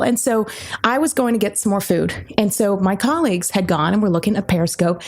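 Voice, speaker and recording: A woman co-hosting a podcast, telling a travel story in casual chat, lively and acting out the quotes. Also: mid-range voice, fast talker. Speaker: podcast co-host.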